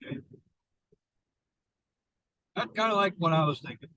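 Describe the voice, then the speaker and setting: A man's voice: sits high, moderate pace, bright, forceful tone, no room sound, low-quality recording. A man co-hosting a podcast in loose casual chat, cursing now and then. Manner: conversational, loose, swears casually. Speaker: podcast co-host.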